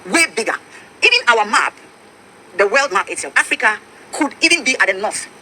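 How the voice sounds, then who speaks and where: A woman's voice: fairly high pitch, sing-song, brisk, sharp tone, a little hiss or hum. A Ghanaian woman pastor with a Ghanaian accent, preaching emphatically and mixing English with Twi. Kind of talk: preaching talk-show discussion.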